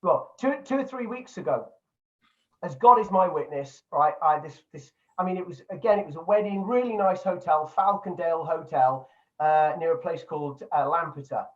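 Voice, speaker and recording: A man's voice: on the high side, moderate pace, distant mic, dull audio. A man who works as a DJ, telling stories in casual chat, swearing freely and speaking with lots of animation.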